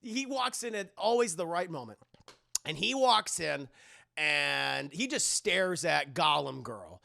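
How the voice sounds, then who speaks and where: A man recapping a movie for his stream chat in a comedic, profane, animated way. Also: fairly high pitch, takes it slowly, gravelly. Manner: animated, profane, laughing asides.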